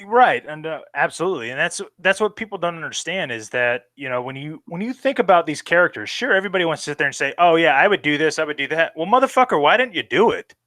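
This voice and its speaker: Male guest, bright, fairly high voice, very dry sound, emphatic and swearing. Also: expressive, quick pace, few pauses, no room sound. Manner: emphatic, profane, passionate. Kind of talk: casual film chat.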